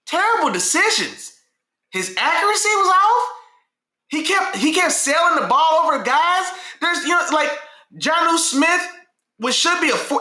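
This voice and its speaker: A man hosting a casual sports talk show, speaking in a slangy, animated way and repeating himself when worked up. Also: very high voice, reverberant. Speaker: sports podcast host.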